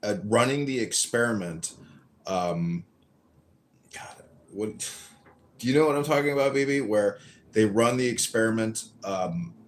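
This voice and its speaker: Male speaker, low-pitched, halting and philosophical in a casual chat. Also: lively intonation, a little hiss or hum. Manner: musing, searching for words. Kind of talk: casual chat on a social audio app.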